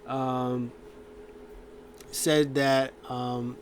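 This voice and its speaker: A man's voice: medium pitch, fairly even intonation, normal speed, slight background noise. A man hosting a casual show, rambling through a recap with lots of fillers and acted-out quotes. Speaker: show host.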